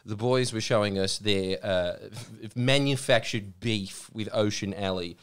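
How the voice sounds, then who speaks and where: A man hosting a podcast, joking and swearing in a relaxed chat, laughing often. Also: lowish voice, unhurried, clean tone. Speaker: podcast host. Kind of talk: casual chat.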